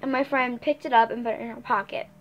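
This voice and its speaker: A teenage girl telling stories to her viewers in a loose, rambling way. She fills gaps with fillers and keeps correcting herself. Her voice sits a little high for her age. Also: fairly even intonation, fast, lo-fi sound. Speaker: vlogger. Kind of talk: casual storytime chat.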